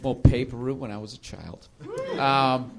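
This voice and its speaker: A man hosting a podcast, telling casual comedic stories in a profane way, laughing and slipping into animated impressions. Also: mid-range voice, a little slow, gravelly. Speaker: podcast host.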